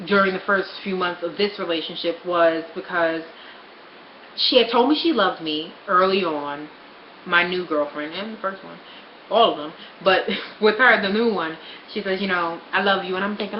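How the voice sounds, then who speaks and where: A woman's voice: fairly low pitch, moderate pace, slight background noise. A young woman talking frankly and bluntly in a casual personal vlog, swearing freely. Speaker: vlogger. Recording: roomy, slightly dull home recording.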